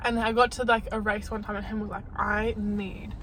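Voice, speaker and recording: A woman's voice: mid-range voice, flat delivery, normal speed, fairly bright tone, a little hiss or hum. A young woman chatting casually and laughing with her partner in a car. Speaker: co-host, girlfriend. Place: inside a car.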